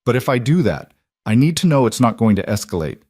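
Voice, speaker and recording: A man narrating an audiobook voices a weary female detective who questions in a measured, level way. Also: mid-range voice, big pitch swings, a little mellow, dry recording, studio quality. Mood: weary, earnest.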